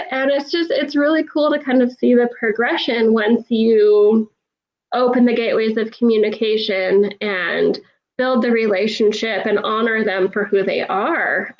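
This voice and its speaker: A woman's voice: on the high side, muffled recording. A woman who is an animal communicator, telling stories in a casual interview and laughing often.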